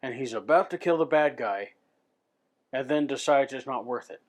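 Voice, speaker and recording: A vlogger rants to his camera in an unscripted video, speaking in a mid-range voice at normal speed. He swears freely and stumbles over repeated words as he restarts his sentences.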